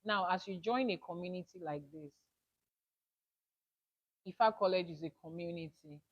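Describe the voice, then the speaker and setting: A Nigerian Ifa spiritual teacher leads a class, speaking emphatically, repeating key points and posing rhetorical questions. Her voice is fairly low-pitched at a normal speed, and the audio is dull and lo-fi.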